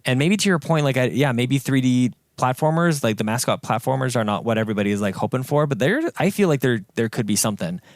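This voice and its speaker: A man's voice: mid-range voice, lively intonation, quick pace, hardly any pauses, dry recording, clean studio sound. A young man co-hosting a gaming podcast, chatting casually with frequent fillers and easy laughter. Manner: laughs easily, hesitant with fillers. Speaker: podcast co-host. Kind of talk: casual chat.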